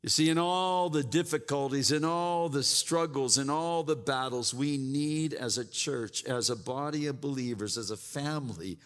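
A man's voice: medium pitch, normal speed, hardly any pauses, in a large hall. A man preaching a sermon as pastor, often repeating words and stumbling into restarts as he builds his point. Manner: repeats words, mimics grumbling churchgoers.

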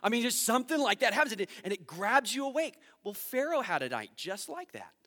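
Animated man preaching in a reverberant hall. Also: extremely high pitch, a little fast. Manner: animated, acts out quotes in his story, laughs at himself. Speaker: pastor. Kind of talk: sermon with storytelling.

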